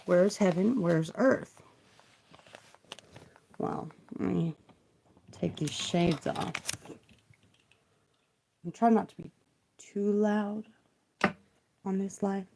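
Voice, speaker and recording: A woman on a live stream speaking quietly and rambling through questions, trailing off as she reads and thinks aloud into a close mic. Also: medium pitch, very slow, vocal fry, long pauses, background noise. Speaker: livestream tarot reader. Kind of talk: soft-spoken livestream musing. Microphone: close mic, kept quiet for live stream.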